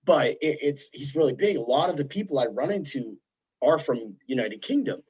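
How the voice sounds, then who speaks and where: A man hosting a podcast, chatting casually in a rambling, animated way. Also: on the high side, moderate pace, breathy edge. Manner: rambling, animated storytelling with put-on voices. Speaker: podcast host. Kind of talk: casual chat. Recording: dull lo-fi sound.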